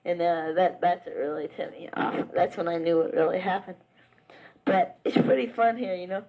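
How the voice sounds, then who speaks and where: A man's voice: high voice, steady tone, moderate pace, darkish tone, rough recording. A teenage boy recording a casual, rambling spoken letter to a friend on a home cassette recorder, chatty and full of restarts. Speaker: family member sending a taped letter.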